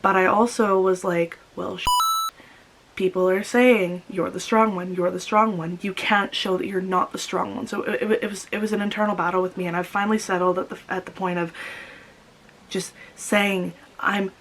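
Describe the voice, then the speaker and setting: A young woman vlogging about her grief, speaking while crying, halting and repeating herself. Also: mid-range voice, fairly even intonation, background noise. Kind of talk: personal confessional vlog.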